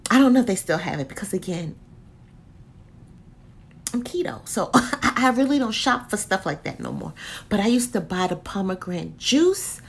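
Husky woman, casual candle-review vlogger, lively and slangy, pitch all over the place. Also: moderate pace. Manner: animated, slangy, laughs often.

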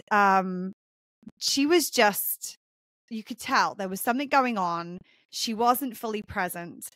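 A woman's voice: mid-range voice, sharp tone, no echo. A woman hosting a podcast, explaining earnestly in a casual conversational way, with frequent fillers and restarts. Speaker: podcast host and mentor.

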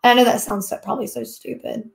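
A woman's voice: fairly high pitch, steady tone, quick pace, creaky. A woman, chatting casually while hosting a live question-and-answer stream and laughing often. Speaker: livestream host, craft seller.

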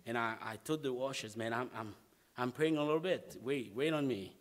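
A man's voice: medium pitch, moderate pace. A man, a pastor, telling a personal story in a sermon and acting out the conversations. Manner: animated storyteller, acts out dialogue, repeats 'man'.

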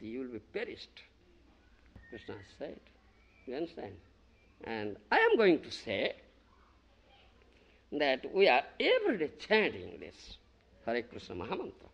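A man's voice: a little high, wildly swooping pitch, measured pace, gravelly, pauses often, husky. A man from India giving a devotional lecture, emphatic and questioning, often asking his listeners if they understand and chanting verses, in a 1990 archive recording. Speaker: spiritual teacher giving a lecture. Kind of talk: devotional lecture to a small gathering.

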